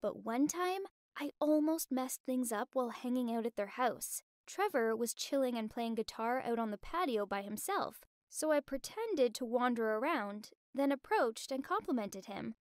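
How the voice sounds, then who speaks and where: High-voiced young woman narrating a story. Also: normal speed, few pauses, dry recording, clean studio sound. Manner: expressive, dramatic storytelling.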